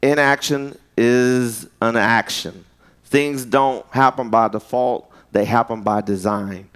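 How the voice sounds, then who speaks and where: This is a man giving an animated sermon full of storytelling. When he performs quoted voices, his pitch leaps higher.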